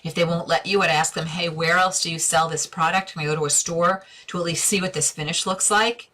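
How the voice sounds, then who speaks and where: Low-voiced bright woman design host. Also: steady tone, fairly quick. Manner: chatty, affectionate, direct, uses endearments. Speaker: interior design host answering viewer questions. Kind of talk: live-stream Q&A chat.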